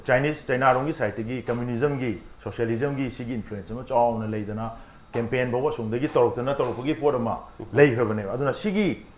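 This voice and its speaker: Fast-talking man explaining in a roomy studio. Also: mid-range voice. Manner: fast, earnest explaining with many pauses. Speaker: panel guest. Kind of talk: studio panel discussion.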